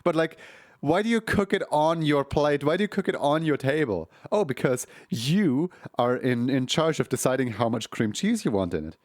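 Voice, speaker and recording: A man's voice: a little high, animated, normal speed, dry recording, studio quality. A man streaming, telling a long rambling story in casual chat, full of fillers, restarts and laughs at his own jokes.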